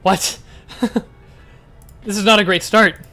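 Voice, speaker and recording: A man casually commenting as he reads a text adventure game aloud, getting excited and laughing often. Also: sits high, slow pace, faint music behind. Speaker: gaming YouTuber.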